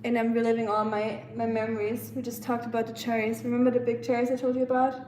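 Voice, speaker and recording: A woman's voice: on the high side, little pitch movement, fast talker, warm tone, echoey room, slight background noise, low-quality recording. A young woman from southern Germany with a German accent, chatting casually with her live stream audience, laughing often and reacting to chat messages. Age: young adult.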